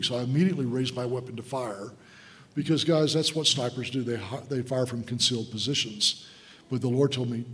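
A man in his sixties preaching a sermon, telling an emotional story and calling the listeners guys. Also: mid-range voice. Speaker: guest preacher. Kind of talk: sermon testimony. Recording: long hall reverb.

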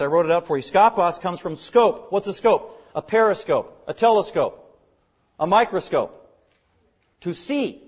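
A man's voice: sits high, lively intonation, a little slow, husky, dull audio. A man preaching as the pastor of his church, explaining terms with emphatic repetition. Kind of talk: sermon.

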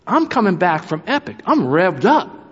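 A middle-aged pastor preaches with a slightly raised, husky voice, and his sermon is full of storytelling and asides to the congregation. The sound is dull and lo-fi, with a long reverb from the church hall around him. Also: high-pitched, very animated, moderate pace, a bit bright. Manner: storytelling with humor, talks to the congregation. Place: church sanctuary.

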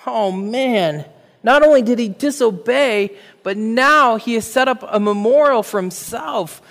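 A man's voice: very high voice, measured pace, a bit bright. A man preaching a sermon, retelling a Bible story in casual speech and acting out the figures' words with animation. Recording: reverberant hall.

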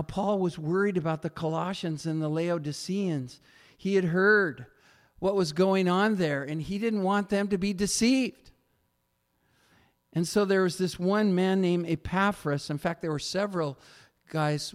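A man preaching a sermon as pastor, telling stories with animated swings and sudden loud peaks. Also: a little high. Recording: long reverb of a large hall.

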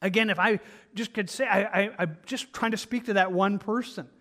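A man's voice: sits high, normal speed, fairly bright tone. A pastor preaching an earnest, emphatic sermon in a church, sometimes repeating his words as he presses a point. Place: church sanctuary.

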